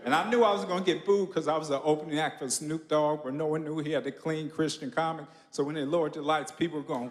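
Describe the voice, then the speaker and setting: A stand-up comedian telling self-deprecating stories with animated delivery. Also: male voice, on the high side, fast talker, hardly any pauses. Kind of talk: stand-up routine. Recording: echoey hall with background noise.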